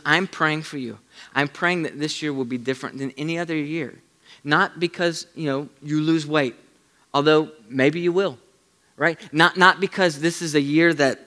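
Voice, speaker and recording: Male pastor, sermon, storytelling, bright voice, slightly high. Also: moderate pace. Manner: storytelling, animated, drops to a hush for emphasis.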